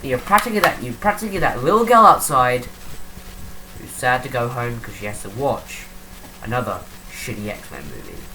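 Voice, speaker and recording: A woman's voice: a bass voice, sing-song, normal speed, background noise. A woman giving a profane, rambling, mocking comedic film review.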